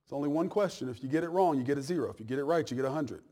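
A male pastor preaching in a casual, joking way, his fairly high voice jumping up for emphasis and dropping low and soft for asides. He slips into little acted-out voices as he goes. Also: lively intonation, racing. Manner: swings from loud emphasis to low, quiet asides. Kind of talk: sermon.

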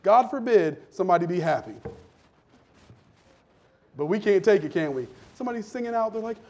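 A man preaching a sermon in a conversational, humorous way, acting out people in quick voices. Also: sits high, lively intonation, a little mellow. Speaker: pastor.

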